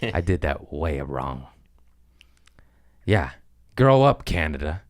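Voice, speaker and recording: A man hosting a comedy podcast, riffing in a rambling, crude way with sudden loud bursts. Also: rumbling low, sing-song, slow, long pauses, no echo, clean studio sound. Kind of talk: casual comedic rant.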